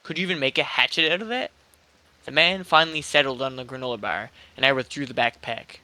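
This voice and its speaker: A man's voice: mid-range voice, quick pace, sharp tone, no room sound. A man casually reading a spooky internet story aloud, laughing and joking between lines with a co-reader.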